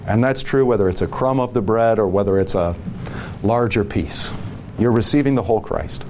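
A man's voice: on the low side, normal speed, darkish tone, slight background noise. A man, a pastor giving long, thoughtful answers in a casual podcast chat, with frequent chuckles. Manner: thoughtful, rambling, chuckling often.

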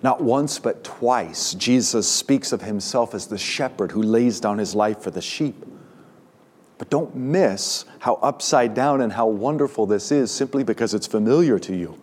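A man preaching a sermon as a pastor, building to emphatic peaks on key words and dropping low and slow on others. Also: darkish tone.

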